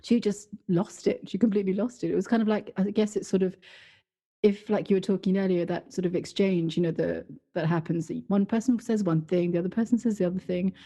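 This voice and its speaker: Woman on a chatty podcast, warm mellow voice, thinks out loud and laughs a lot. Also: medium pitch, fairly even intonation, brisk. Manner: reflective, storytelling, laughs often. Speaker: podcast co-host. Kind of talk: casual conversation.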